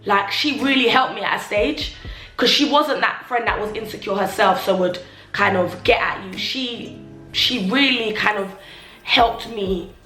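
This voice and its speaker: Bright chatty woman vlogger. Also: mid-range voice, unhurried. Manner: chatty, filler-heavy, acts out remembered remarks. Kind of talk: casual confessional vlog. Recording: roomy echo, faint music.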